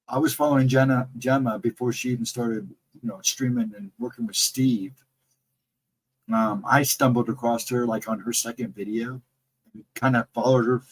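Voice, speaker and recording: Man, middle-aged, Central Ohio accent, husky voice, soft R and W sounds, rambling livestream chat. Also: medium pitch, poor audio. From Central Ohio, near Columbus. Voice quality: trouble with R and W sounds. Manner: rambling, chatty, reads out chat comments. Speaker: livestream co-host.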